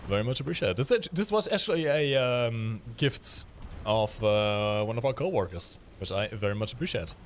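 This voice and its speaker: A man's voice: on the low side, expressive, moderate pace. A man co-hosting a live gameplay stream, his voice swinging up and down as he talks. His delivery is chatty and teasing, over a faint hum of room ambience. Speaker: stream co-host.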